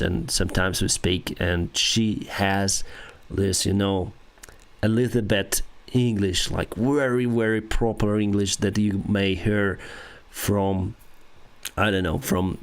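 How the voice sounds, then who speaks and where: A man with a Ukrainian accent, hosting a casual livestream and answering viewers, with halting speech and frequent restarts. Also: lowish voice. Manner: halting, many restarts and fillers, reads comments aloud. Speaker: airline pilot and livestream host. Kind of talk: casual livestream chat reading viewer comments.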